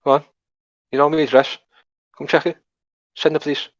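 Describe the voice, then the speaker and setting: A man's voice: fairly high pitch, little pitch movement, a little fast, dry recording. A man hosting a live stream who answers an accusation defiantly and dismissively. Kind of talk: heated live stream argument. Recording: dull muffled stream audio.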